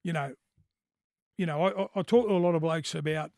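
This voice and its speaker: A middle-aged Australian man spins blokey yarns, full of fillers and asides. His voice sits a touch high, and the studio sound is close and dry. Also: a little fast, no room sound. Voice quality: blokey, animated storyteller with lots of filler. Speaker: podcast guest. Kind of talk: casual storytelling chat.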